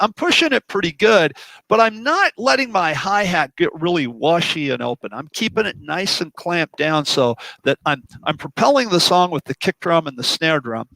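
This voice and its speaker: A drum teacher talking through a song chart in a relaxed roundtable, counting beats aloud as he demonstrates grooves. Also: a little high, low-quality recording.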